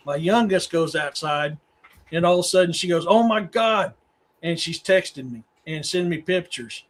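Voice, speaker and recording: A man's voice: on the high side, moderate pace. A middle-aged man from Missouri, a podcast guest who tells long rambling stories in casual chat. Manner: rambling storyteller, talks to his dogs mid-sentence.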